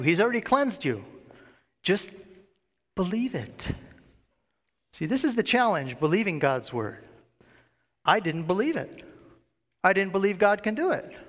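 An earnest man preaches in a sermon, telling his own testimony and acting out his old inner arguments. His voice sits a little high for a man. He keeps putting questions to his listeners, and a long reverb from a large hall trails each line. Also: sing-song, a little slow, pauses often, fairly bright tone. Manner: earnest, asks the congregation questions, acts out his own past thoughts.

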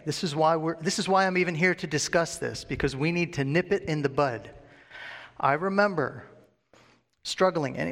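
A man's voice: fairly high pitch, fairly bright tone. Earnest man preaching in a reverberant hall. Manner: earnest, asks the congregation questions, acts out his own past thoughts. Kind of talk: sermon with personal testimony.

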